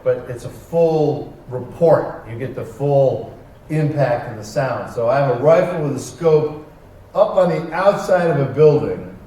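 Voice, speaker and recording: A man on a convention stage telling wry, animated anecdotes to a live audience, acting out the dialogue in them. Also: on the high side. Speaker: convention panel guest. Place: large convention arena stage. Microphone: heard from far off by a camera in the hall. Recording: echoey hall recorded from far off.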